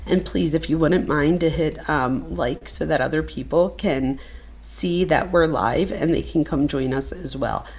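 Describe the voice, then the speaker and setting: A woman's voice: sits low, a little slow, a little mellow. A woman hosting a live stream in casual chat, effusive and chatty with viewers.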